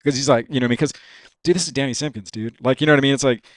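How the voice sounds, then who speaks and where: A man's voice: mid-range voice, racing, no echo, studio quality. A man on a podcast telling a long personal story in casual, profane talk, full of "dude" and "you know what I mean.". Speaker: podcast guest.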